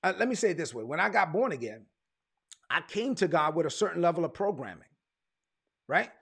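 A man preaches with emphatic repetition, leaning on key words by slowing right down. His voice sits high and husky, with a gravelly fry running through it. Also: sing-song, a bit bright. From Brooklyn, United States. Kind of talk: sermon.

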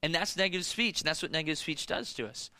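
Bright, crisp-voiced male pastor preaching. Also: on the high side, quick pace, big-room sound. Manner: emphatic, rhetorical questions to the congregation. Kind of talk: sermon. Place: church.

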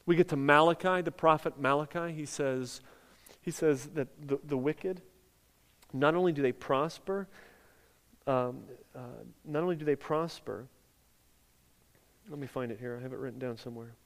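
A man's voice: a little high, moderate pace, long pauses. A man preaching a sermon as pastor, talking conversationally with lots of "like" and building to emphatic peaks. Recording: long hall reverb.

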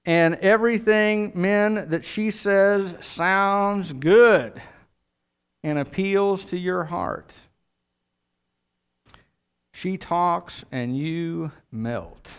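A man's voice: high voice, drawn-out words, pauses often, smooth. A middle-aged man preaching a sermon, reading scripture and then explaining it in a conversational way with asides. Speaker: pastor.

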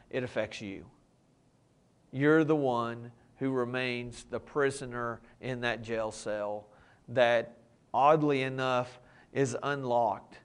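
A man preaching a sermon, reading scripture and explaining it in a plain, conversational way. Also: mid-range voice. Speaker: pastor.

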